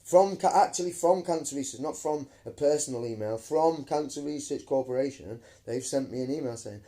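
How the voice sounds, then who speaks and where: A man's voice: mid-range voice, a little fast, few pauses, warm tone. A man, ranting emphatically into his phone camera on a live stream, swearing and calling listeners mate. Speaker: vlogger.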